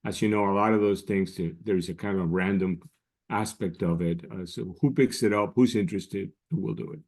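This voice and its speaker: A man with a fairly low voice talks as an expert guest in an interview. He explains patiently and measuredly, often restarting his sentences before finishing a thought. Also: brisk, a little mellow. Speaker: guest scientist. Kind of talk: interview answers.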